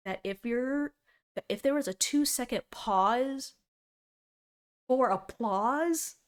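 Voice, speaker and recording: A young woman in her twenties streaming a casual reaction, talking in an animated and sarcastic way and laughing often. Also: fairly high pitch, slow pace, smooth.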